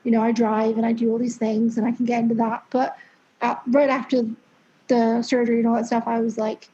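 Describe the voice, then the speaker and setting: Young woman guest on a podcast, high voice, chatty, says like a lot, kinda muffled lo-fi audio. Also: level tone, fairly quick, warm tone. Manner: chatty, frequent fillers, candid swearing. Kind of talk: casual interview storytelling. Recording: dull lo-fi sound.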